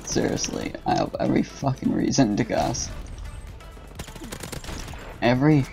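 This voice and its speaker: A man's voice: mid-range voice, measured pace, creaky, darkish tone. A young man giving casual, swearing, frustrated commentary while he plays a shooter game as host of his gaming channel. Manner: frustrated, swearing, ranting at teammates. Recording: game music and gunfire behind.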